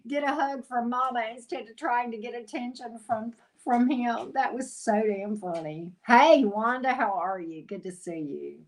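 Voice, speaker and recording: A woman's voice: a little high, normal speed, hardly any pauses. A woman, a tarot reader chatting casually on a livestream, calling viewers honey and sweetie and greeting them by name. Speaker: tarot reader and channel host.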